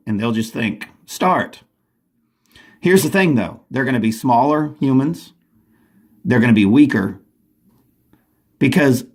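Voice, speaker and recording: A man's voice: mid-range voice, creaky, a little mellow. A man delivering an urgent, agitated monologue from home, often restarting his sentences. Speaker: vlogger. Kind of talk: rambling monologue to camera.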